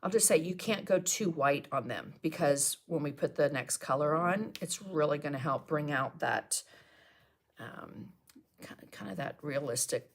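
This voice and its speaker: Middle-aged woman with some fry in her voice, a chatty painting teacher guiding viewers through a live lesson. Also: deep voice, expressive, a little slow. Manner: chatty, greets viewers and coughs and laughs between steps.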